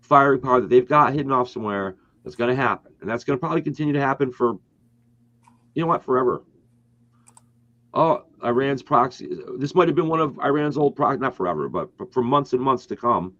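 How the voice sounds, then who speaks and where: A man's voice: medium pitch, a little fast, a bit bright, dry recording. Rambling man on a dull, dry stream. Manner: rambling, emphatic, frequent restarts. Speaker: co-host. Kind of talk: casual political talk stream.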